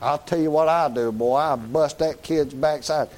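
A man's voice: fairly high pitch, moderate pace, darkish tone. A middle-aged man with a Southern US accent preaching a sermon in a folksy, joking way, chuckling as he goes. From Southern United States.

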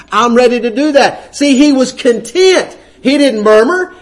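High-voiced man preaching a sermon. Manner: preaching with scripture quotes and dramatized asides; frequent "right?" checks to the congregation.

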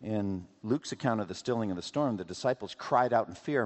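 A man preaching a sermon as pastor, asking rhetorical questions and acting out quotes in an animated way. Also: lowish voice, fairly quick. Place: church sanctuary. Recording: long hall reverb.

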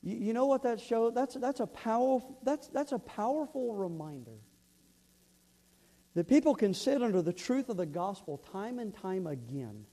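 A man's voice: high voice, animated, moderate pace, warm tone, poor audio. A man pastor preaching a sermon, earnest and storytelling, often repeating words as he goes.

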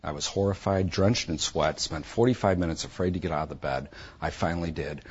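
A man bluntly and intensely telling his personal testimony, with a husky voice. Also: deep voice, brisk, muffled recording. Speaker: speaker giving a personal testimony.

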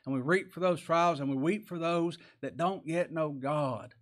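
A male pastor preaches in a homespun, conversational way. His voice sits a touch high for a man, and he keeps tossing out rhetorical questions and small chuckles. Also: normal speed, fairly bright tone. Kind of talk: sermon.

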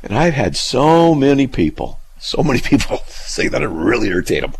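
Gravelly, lively-voiced male radio host. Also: mid-range voice, moderate pace, no room sound. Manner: animated, laughs often, acts out quoted people; argumentative, asks rhetorical questions. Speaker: radio show host answering listener emails. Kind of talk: casual talk radio.

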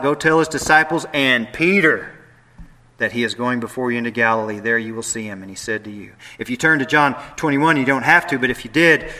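A man preaching a sermon, moving between hushed, quiet lines and loud, animated bursts, with playful asides to the congregation. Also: fairly high pitch. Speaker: pastor.

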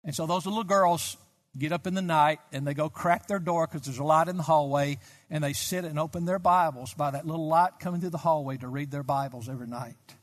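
A pastor in his sixties preaching a sermon, impassioned and swinging from soft asides to loud, emphatic peaks. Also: fairly high pitch, a little fast, big-room sound.

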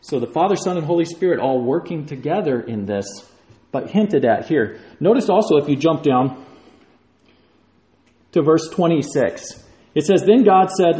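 A man's voice: a little high, very animated, normal speed, mellow. A man preaching a sermon, emphatic and rising in force when he quotes scripture. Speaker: pastor. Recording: echoey room.

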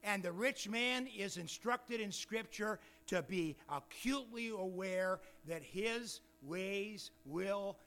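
A man preaching a sermon, firing rhetorical questions and building to emphatic shouts. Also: sits high, slow pace, hardly any pauses.

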